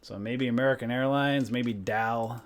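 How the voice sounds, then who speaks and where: A man's voice: mid-range voice, steady tone, moderate pace. A man hosting a trading livestream, thinking aloud in casual talk, trailing off and correcting himself.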